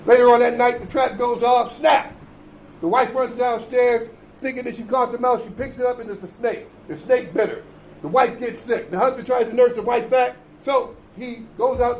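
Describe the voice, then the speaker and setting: A man's voice: extremely high pitch, a little hiss or hum, poor audio. A man giving a blunt, emphatic recovery talk, repeating points and checking in with the room. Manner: emphatic, repetitive, blunt with profanity; conversational, checks in with "okay?" and "right?". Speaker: recovery conference speaker.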